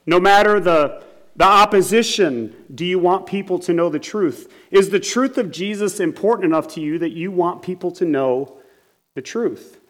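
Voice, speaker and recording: A middle-aged man with a high voice preaches to his congregation. He tells stories and acts out the people he quotes. He drives his points home with emphatic, repeated questions. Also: moderate pace, fairly bright tone. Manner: storytelling with acted quotes, rising to emphatic repetition. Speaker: pastor. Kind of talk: sermon.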